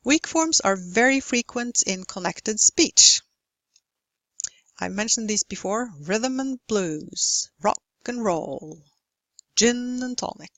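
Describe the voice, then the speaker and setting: A woman teaching English pronunciation in a recorded lesson, speaking in a careful, deliberate way and stretching out example words. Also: medium pitch, lively intonation, a bit bright, dry recording, rough recording. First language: Norwegian. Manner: slow, careful, deliberate delivery with exaggerated model words.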